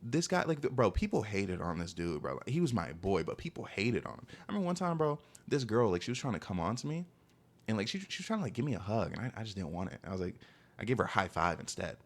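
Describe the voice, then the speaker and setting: A man's voice: fairly low pitch, fast talker. A young man telling a personal story in a casual, exasperated storytime monologue, constantly saying "bro". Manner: animated, exasperated, peppers speech with "bro".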